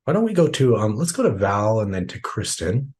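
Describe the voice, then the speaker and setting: A low-voiced man runs a training session for professionals. He talks casually, often ends points with tag questions and acts out what people think to themselves. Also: very animated, fairly quick, darkish tone. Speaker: workshop trainer.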